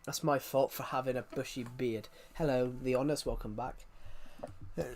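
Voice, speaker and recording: A man's voice: mid-range voice, fairly even intonation, normal speed, darkish tone, slight background noise. A man chatting casually on his livestream, rambling and often restarting his sentences.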